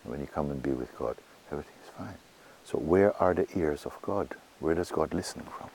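A man giving a spiritual talk to a gathering, asking questions and answering them himself and softly repeating phrases. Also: extremely low pitch, a little fast, a little hiss or hum. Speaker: spiritual teacher.

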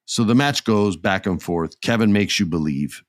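A man tells a story in a casual, excitable way, jumping in to act out the scenes. His voice sits low. The recording is dry and close, with no room sound. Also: normal speed, dry recording. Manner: excitable, acts out scenes, many restarts. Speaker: wrestling recap commentator.

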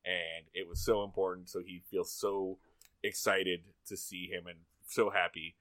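A man co-hosting a podcast, recapping a TV episode in casual, profane banter and acting out lines in loud put-on voices. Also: deep voice, a little slow, no echo. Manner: animated, acts out quotes in loud voices, profane. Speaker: podcast co-host.

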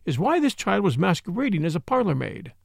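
Brief: reader doing bossy busybody woman, kindly, pitched high, dry sound. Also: very animated, gravelly, no echo, full character voice. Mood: prying. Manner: brisk, prying, soothing. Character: nosy middle-aged spinster, bossy but kind. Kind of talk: audiobook character reading.

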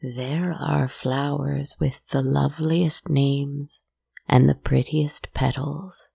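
A woman putting on a croaking, gloating witch. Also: low-pitched, steady tone, no room sound, clean studio sound, full character voice. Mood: menacing. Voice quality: croaking, slow and hushed. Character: cruel mocking witch, hag shedding vermin.

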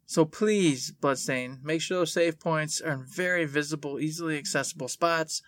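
A man's voice: a little high, normal speed, a bit bright, no room sound, studio quality. A man co-hosting a podcast in casual chat, easygoing and mock-stern at times. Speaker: podcast co-host.

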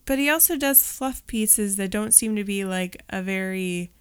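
A woman in her thirties co-hosts a podcast, casually chatting about a movie rewatch with wry asides and plenty of fillers. Her mid-range voice is smooth and moderately paced, with no echo.

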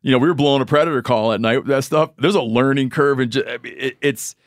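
A man's voice: mid-range voice, quick pace, no room sound, clean studio sound. A man hosting a podcast, talking casually and thinking aloud, often circling back to rephrase. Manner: rambling, thinks aloud with self-corrections. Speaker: podcast host. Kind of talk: casual chat.

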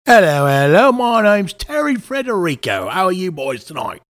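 Ein Mann spielt einen Gast mit wackligem falschem britischem Akzent. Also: male voice, high-pitched, very animated, normal speed, a bit bright. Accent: put-on British. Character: man from the South with a slipping fake British accent. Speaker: guest.

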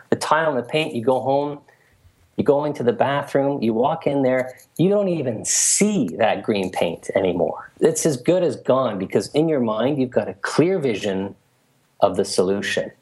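Guy chatting on a podcast, tells a story, pitch jumps all over when he acts out the voices. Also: lively intonation, normal speed, darkish tone, slightly rough. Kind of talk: casual explanatory chat.

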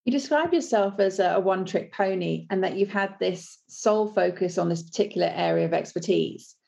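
A woman interviewer asking measured, thoughtful questions. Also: medium pitch, gravelly, mellow.

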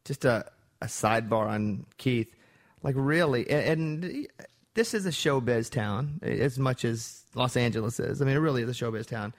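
A man's voice: medium pitch, moderate pace. A man hosting a casual interview, conversational and joking, hedging with "like". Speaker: interview host.

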